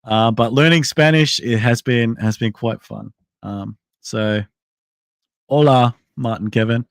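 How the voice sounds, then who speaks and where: A man's voice: mid-range voice, unhurried, vocal fry, no echo. Rambling man chatting on a livestream. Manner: rambling, thinking aloud with many restarts; replies to chat messages. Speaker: livestream host. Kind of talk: casual livestream chat.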